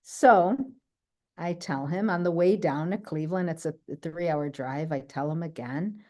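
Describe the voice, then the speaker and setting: A woman telling a personal story on a video call, animated, often checking in with "right?" and acting out what others said. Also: deep voice, unhurried. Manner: acts out other people's quoted lines. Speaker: guest speaker. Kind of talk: personal story in an online talk.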